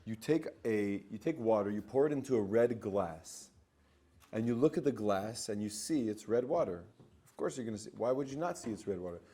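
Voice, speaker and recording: A spiritual coach gives an animated teaching talk, repeating phrases and acting out inner voices as he explains. He speaks in a lowish voice and a little fast.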